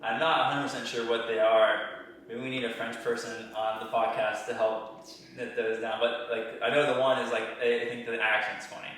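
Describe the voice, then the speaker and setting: A young man with a mostly standard American accent talks loosely as a podcast guest, restarting sentences and leaning on "like". His mid-pitched voice rings in a very echoey room and sits a little away from the microphone. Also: flat delivery, moderate pace, a bit bright, distant mic. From Georgia, United States. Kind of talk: casual interview conversation.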